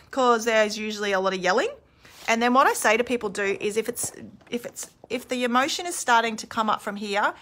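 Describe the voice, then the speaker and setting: Woman in her thirties, casual coach, candid and chatty, bright tone, mid pitch. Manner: chatty, candid, demonstrates screams and sounds aloud. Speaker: emotional release coach. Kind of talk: casual instructional talk. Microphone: phone held in hand.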